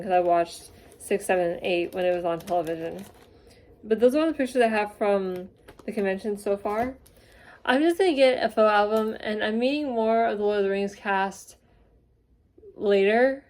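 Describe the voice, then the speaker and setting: A young woman telling a rambling, gushing story in a casual vlog, excitable and quick to get carried away. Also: medium pitch. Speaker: vlogger.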